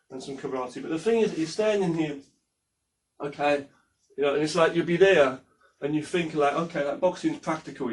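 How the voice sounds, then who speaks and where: A man's voice: fairly high pitch, slight background noise. A man teaching martial arts in a rambling, casual way, demonstrating moves as he talks and swearing freely. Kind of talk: casual spoken lesson. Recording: voice from a distance from the mic.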